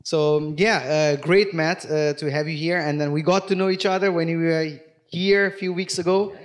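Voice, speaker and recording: Man hosting, higher voice. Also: steady tone, moderate pace. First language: German. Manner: searches for words, many fillers. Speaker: livestream host. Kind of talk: casual bilingual livestream chat.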